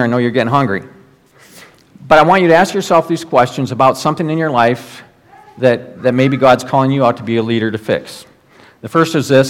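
Earnest preaching man, drops low for quotes. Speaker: pastor. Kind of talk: sermon.

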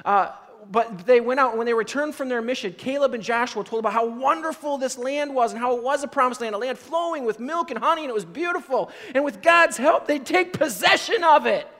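Male preacher with a high voice, relaxed and conversational, recorded in a big echoing church hall. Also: fairly quick, hardly any pauses. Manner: conversational storytelling, frequent "like" and "right?". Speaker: pastor. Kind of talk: sermon.

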